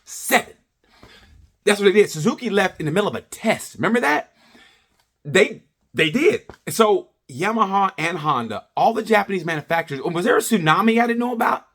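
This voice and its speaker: A man's voice: sits high, animated, a little fast, fairly bright tone. A man ranting casually through a review, swearing a lot and rambling with jokes. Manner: profane, rambling, jokey. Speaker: racing review vlogger.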